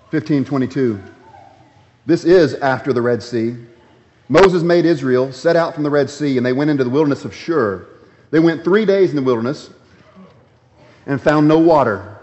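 A man preaching a sermon, switching between voiced complaints from scripture and low, quiet asides to the congregation. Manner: acts out quoted complaints in raised voice, then drops low and quiet. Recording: dull lo-fi sound in a reverberant hall.

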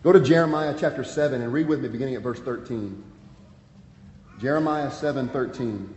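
A man's voice: mid-range voice, a little fast, darkish tone, slight background noise. A man preaching a sermon, earnest and pleading, reading scripture aloud with emphasis. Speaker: pastor. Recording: echoey hall, dull lo-fi sound, faint ambience.

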